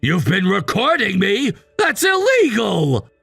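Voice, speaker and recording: A man voicing a controlling, scornful husband in a text-message story, dismissive and given to shouting. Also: high voice, big pitch swings, measured pace, vocal fry, dry recording, faint music behind, heavily acted. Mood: angry, scornful. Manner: bossy and dismissive, shouting at times.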